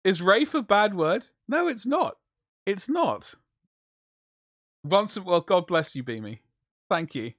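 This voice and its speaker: A man's voice: sits high, very animated, slow, pauses often, dry recording, studio quality. A man streaming live while he paints, rambling and joking in casual banter with his chat. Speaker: livestreamer.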